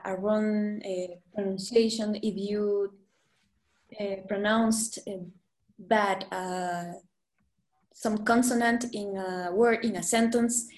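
A woman with a Spanish accent, a Spanish teacher speaking English as a second language as a podcast guest, halting and searching for words with many fillers. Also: medium pitch, darkish tone. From Guatemala. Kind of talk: casual interview chat. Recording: echoey room.

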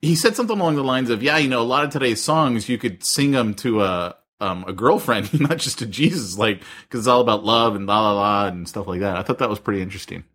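A man's voice: lowish voice, animated, quick pace, hardly any pauses, a bit bright, slightly rough. A man co-hosting a podcast, telling stories in a joking, casual way. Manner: joking, storytelling, laughs often. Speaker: podcast co-host. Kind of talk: casual chat.

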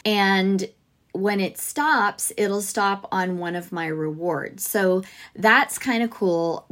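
Woman host, mid-pitched, chatty and upbeat, podcast advice for teachers. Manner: chatty, upbeat, lots of asides.

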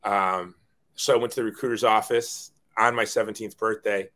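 A middle-aged man with a fairly low voice recounts his own past as an interview guest. He talks earnestly and rambles a little, doubling words when the story moves him. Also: fairly even intonation, moderate pace, a bit bright.

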